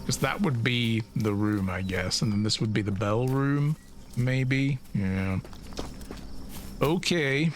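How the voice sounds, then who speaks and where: A man's voice: mid-range voice, takes it slowly, faint music behind. A man streaming a video game, chatting casually and thinking aloud with frequent laughs. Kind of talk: casual let's-play commentary.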